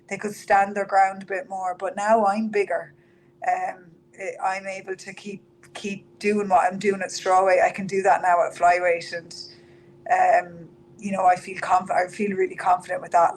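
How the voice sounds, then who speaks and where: Irish girl fighter chatting away, pretty monotone, bit of hiss behind. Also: mid-range voice, rough recording. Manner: candid, chatty, fillers of "like". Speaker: MMA fighter guest. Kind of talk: interview.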